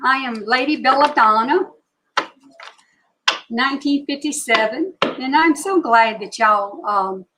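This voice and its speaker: A woman's voice: high-pitched, heavy background noise. A woman in her sixties with an Alabama Southern accent, chatting casually with viewers as host of a live psychic reading stream. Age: 60s. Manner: chatty, slow Southern drawl, greeting viewers by name.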